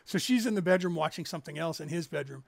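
Gravelly high-voiced man in his fifties. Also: expressive, quick pace, dry recording, studio quality. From California. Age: 50s. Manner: rambling storyteller, acts out others' lines in raised voices. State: raspy from COPD. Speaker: livestream host. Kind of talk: casual livestream chat.

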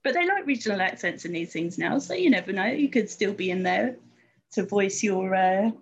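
A woman's voice: medium pitch, expressive, normal speed. A woman interviewing an author, asking questions in a playful, teasing way. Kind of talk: casual interview chat. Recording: dull lo-fi line with faint noise.

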